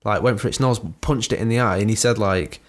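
A man's voice: lowish voice, a little fast. A young man co-hosting a podcast, telling a story in a rambling, sweary, laughing way. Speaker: podcast co-host. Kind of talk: casual chat.

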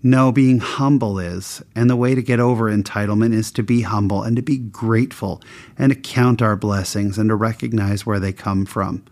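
A man's voice: fairly even intonation, normal speed, darkish tone. A man sharing a personal anecdote with a moral lesson, in a candid, conversational and self-mocking way. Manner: voices the people in his story with big pitch swings.

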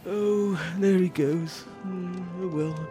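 A man's voice: high voice, steady tone, slow, loud music behind the voice. A man playing a doddering old has-been actor. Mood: doddering, wistful. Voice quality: doddering, wistful. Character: faded, lonely old male ex-TV actor. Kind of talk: comedy character interview.

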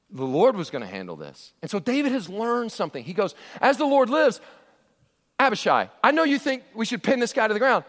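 A man preaching a sermon, earnest and emphatic, often restarting his sentences as he presses a point. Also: a little high. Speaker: pastor. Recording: reverberant hall recording.

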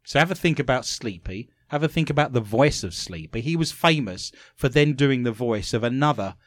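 Animated man hosting a quiz chat. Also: mid-range voice, fairly quick, no room sound. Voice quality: lively, joking, animated delivery. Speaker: quiz host. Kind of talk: casual podcast banter.

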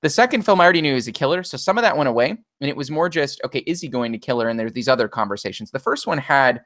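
A man's voice: a little high, lively intonation, racing, a bit bright, no echo. Man thinking aloud on a dry mic. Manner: analytical, thinks aloud with restarts. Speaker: podcast co-host. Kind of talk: casual chat.

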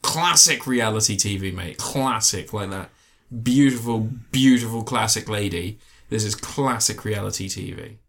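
A man in casual podcast chat, telling a story with plenty of swearing. He slips into put-on voices to quote people, his delivery animated and loose. The tone is that of a relaxed co-host. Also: lowish voice, moderate pace, gravelly, hardly any pauses. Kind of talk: casual chat, reviewing reality TV.

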